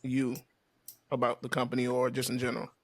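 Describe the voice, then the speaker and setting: A man's voice: mid-range voice, completely flat delivery, fairly quick, no echo. A man on a podcast who speaks hesitantly and trips over his words as he asks a question. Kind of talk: casual podcast chat.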